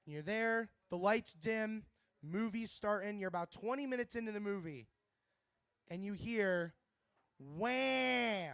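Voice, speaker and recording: A man's voice: high voice, a bit bright, no echo. A young man doing a rambling, brash stand-up set at a bar open mic, swearing freely. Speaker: stand-up comedian.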